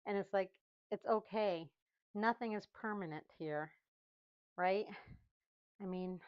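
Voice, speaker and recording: A woman's voice: mid-range voice, takes it slowly, pauses often, darkish tone, smooth, highs cut off. A woman chatting casually while she paints, laughing often and talking to herself. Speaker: painting vlogger.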